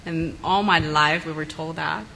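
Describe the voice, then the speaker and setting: A woman from China answering on a conference panel, measured and searching for words. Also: deep voice, fairly even intonation, vocal fry, bright, forceful tone, slight background noise, poor audio.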